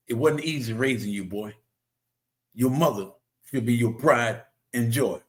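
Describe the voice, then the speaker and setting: A man hosting a casual motivational talk, earnest and preachy, who often repeats himself. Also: mid-range voice. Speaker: host.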